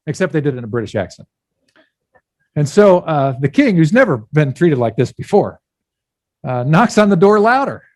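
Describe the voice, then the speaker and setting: A male pastor giving a candid sermon, speaking with pauses and restarts. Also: fairly high pitch, sing-song, dry recording. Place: church.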